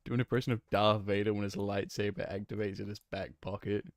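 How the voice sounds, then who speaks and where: A man's voice: lowish voice, level tone, fast, dry recording, clean studio sound. A young man streaming a game, chatting casually and laughing, flustered and rambling. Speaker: gaming streamer.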